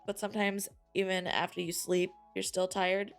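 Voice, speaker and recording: A woman co-hosting a live stream, chatting casually, tired after a cry, with frequent giggles and drawn-out exclamations. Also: medium pitch, little pitch movement, creaky, faint music behind. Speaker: streamer co-host.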